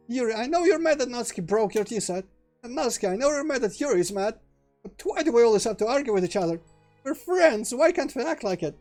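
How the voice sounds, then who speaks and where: A man voicing a sweet, cheerful teenage girl who pleads in a high, tearful voice. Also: mellow.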